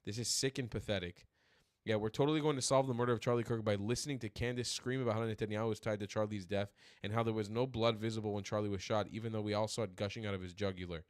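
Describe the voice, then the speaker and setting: A man's voice: on the low side, fairly even intonation, fast talker, no room sound, studio quality. A man hosting a political commentary stream, ranting in furious, profane outbursts. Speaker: streamer host.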